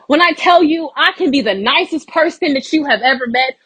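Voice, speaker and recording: A young woman telling a story in a blunt, profane, animated way, laughing now and then as she rants. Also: sits high, brisk, dry recording, poor audio. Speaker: storyteller vlogger. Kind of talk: casual storytelling rant.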